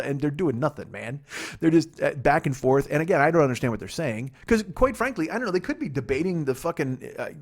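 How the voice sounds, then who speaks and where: Fast-talking sarcastic man ranting. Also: mid-range voice, a little mellow. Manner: rambling, profane, sarcastic. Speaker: podcast host. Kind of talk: solo comedy podcast rant. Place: seated at a table.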